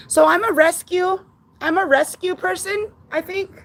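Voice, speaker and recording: A woman's voice: extremely high pitch, unhurried, fairly bright tone, slight background noise, low-quality recording. A woman vlogging from home in a rambling, emotional way, swearing freely and close to tears. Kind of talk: casual chat to viewers. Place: at home indoors.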